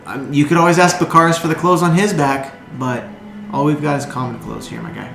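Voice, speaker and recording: A man's voice: a little high, steady tone, brisk, gravelly, a bit bright, reverberant, soft background music. A man voicing Frostwind, a tired shopkeeper at a village stall who grumbles about a noble family in a tabletop game. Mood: grumbling. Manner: grumbling, then folksy and salesy. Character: weary male village shopkeeper, grumbling but friendly.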